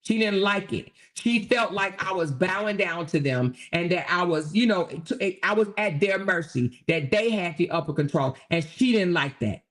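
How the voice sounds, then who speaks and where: A woman's voice: fairly low pitch, lively intonation, normal speed, few pauses. A woman hosting a livestream, ranting brashly and profanely to her chat and repeating lines for emphasis. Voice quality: brash, profane, sassy delivery. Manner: talks straight to chat, repeats phrases for emphasis. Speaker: livestream host. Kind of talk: casual livestream rant.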